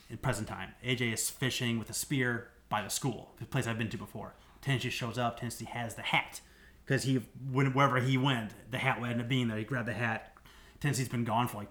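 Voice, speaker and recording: A man's voice: medium pitch, fairly even intonation, a little fast, fairly bright tone. Brief: podcast co-host, man, mid-range voice, rambling casual game recap. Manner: rambling, restarts and many "like"s.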